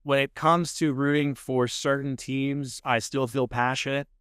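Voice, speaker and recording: Male podcast guest, mid-pitched, relaxed and enthusiastic, dry studio sound. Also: measured pace, smooth, no echo. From California. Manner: laid-back, enthusiastic, says "man" and "dude" often. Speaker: podcast guest, food show host. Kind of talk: casual chat.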